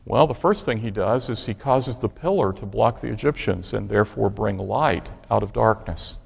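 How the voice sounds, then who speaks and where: A man's voice: fairly low pitch, lively intonation, moderate pace, vocal fry, breathy edge, in a large hall. A man preaching a sermon, driving his points home with pointed rhetorical questions. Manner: emphatic, asks the congregation rhetorical questions.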